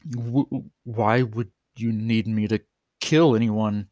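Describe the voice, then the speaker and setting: A nervous young man who stammers and quivers, as a narrator puts him on. He speaks slowly and a little low, in a dry, close recording. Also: steady tone, dark tone, no echo.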